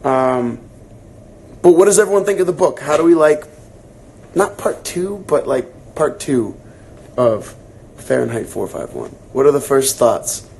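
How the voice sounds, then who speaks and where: Gravelly, husky young man chatting casually. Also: mid-range voice, a little slow, pauses often. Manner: chatty, relaxed, filler-heavy, reacting to comments. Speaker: book club host. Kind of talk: casual livestream chat reading viewer comments.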